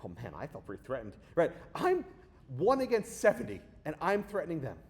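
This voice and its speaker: A guest lecturer in a lecture hall tells a sarcastic story, animatedly acting out the voices of the people he quotes. His voice is on the high side and a little fast.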